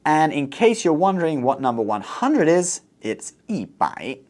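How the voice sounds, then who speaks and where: Male lesson host, animated pitch, teacherly, slows to model words. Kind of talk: scripted teaching presentation.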